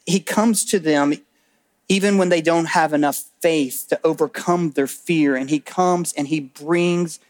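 A male pastor preaches with a slightly high voice. He tells the story with animated energy, then drops to a hush when he stresses key words. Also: measured pace. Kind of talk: sermon. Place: church auditorium.

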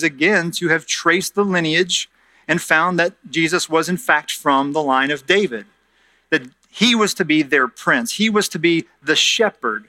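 Bright-voiced preaching man. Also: fairly high pitch, dry recording. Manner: earnest, repeats words while explaining. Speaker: pastor. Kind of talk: sermon with scripture reading.

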